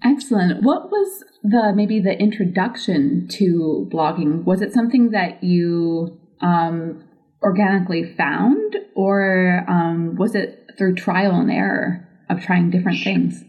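A woman's voice: fairly low pitch, unhurried, darkish tone. A woman hosting a podcast, bubbly and effusive, laughing often as she chats with her guest. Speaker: podcast host. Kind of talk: casual podcast interview.

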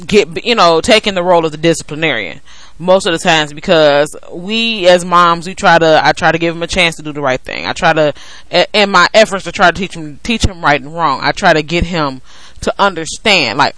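A woman co-host talking casually and earnestly, working through her points with fillers. Her tone is bright and forward, and the recording is dry and close. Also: sits low, normal speed, dry recording, rough recording. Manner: earnest, explains at length with fillers. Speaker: podcast co-host. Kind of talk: casual chat.

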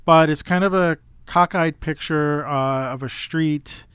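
A man's voice: on the high side, measured pace, fairly bright tone, clean tone, dry recording. A man hosting a podcast, talking casually about a photo book, musing and rambling with restarts. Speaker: podcast host.

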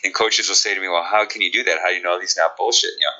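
A sprint coach with a Chicago accent, explaining training in a relaxed podcast interview, with many ums. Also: male voice, sits low, rapid-fire, dull audio.

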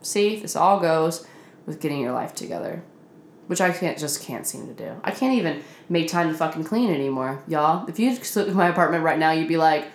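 In an echoey room at her apartment, a tired woman in her twenties rants for her vlog, swearing often and laughing at her own expense. Her voice is low-pitched and animated, and she speaks fairly quickly.

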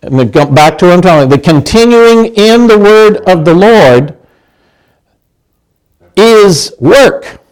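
A man's voice: high-pitched, animated, measured pace, pauses often, clear, resonant tone, poor audio. Chatty male pastor asking the pews. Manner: chatty, asks the congregation questions, many restarts. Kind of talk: conversational sermon.

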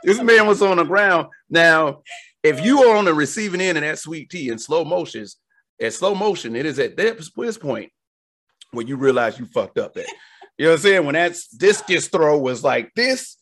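A man co-hosting a podcast, telling stories in an animated, slangy, casual way. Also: on the high side, moderate pace. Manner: animated storytelling with slangy asides. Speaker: podcast co-host.

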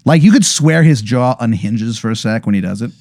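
A man's voice: mid-range voice, animated, a little fast, a little mellow, dry recording, studio quality. A young man telling a long comedic hypothetical, rambling and profane, with many fillers. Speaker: podcast co-host. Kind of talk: comedic storytelling.

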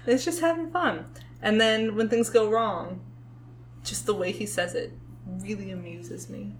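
Young woman podcast co-host, chatty and animated, slight hum underneath. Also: mid-range voice, measured pace. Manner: chatty, animated, laughs often. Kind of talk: casual chat about a movie.

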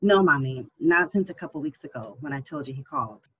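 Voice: medium pitch, lively intonation, brisk, fairly bright tone, natural voice, poor audio. An audiobook narrator voicing an exasperated young adult daughter who strains to stay patient.

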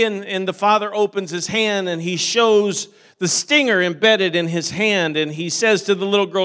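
A pastor preaching a sermon, moving between quiet, halting storytelling and loud, fervent preaching. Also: male voice, sits high, fairly even intonation, clean tone. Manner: repeats words and restarts often while telling stories.

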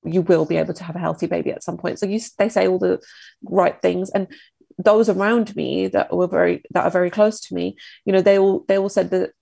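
A woman in her thirties, a podcast guest, recounting a painful personal story in a halting, emotional, reflective way. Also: fairly low pitch, fairly even intonation, gravelly, dark tone, breathy edge, no echo.

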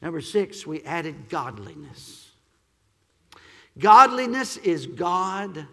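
High, bright-voiced preaching man. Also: very animated, slow pace, big-room sound. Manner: preachy, swings from shouting to quiet. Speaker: pastor. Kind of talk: sermon.

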